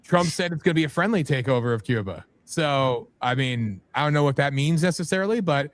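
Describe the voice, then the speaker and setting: A man's voice: on the high side, lively intonation, a little fast. A man from New Jersey co-hosting a talk radio show, joking bluntly and laughing often. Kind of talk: casual political talk radio banter.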